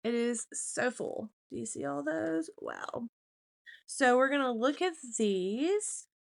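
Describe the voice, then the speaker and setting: A woman host chats casually to camera, gushing over what she holds up. Her voice sits a little high with a gravelly edge, and she gets emotional as she goes. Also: lively intonation, slow pace. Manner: gushing, emotional, chatty with Southern "y'all". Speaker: podcast host.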